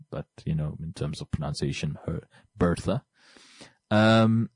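Podcast host, man, lowish voice, dry close sound, rambles through his points with many restarts. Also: dry recording. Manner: rambling, often restarts and repeats words. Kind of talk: casual talk about books.

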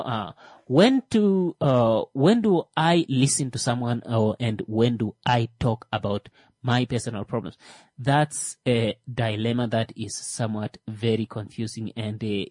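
A male radio show host, talking casually and joking, with many "uh" fillers and pauses as he searches for words. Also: mid-range voice, a little mellow, dry recording. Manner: hesitant, heavy on "uh" fillers, joking asides. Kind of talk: casual radio talk with jokes.

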